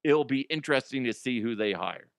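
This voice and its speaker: A man's voice: mid-range voice, animated, brisk, gravelly, clean tone, no room sound, clean studio sound. A man hosting a comedy news show, rambling and profane, often dropping into silly put-on voices.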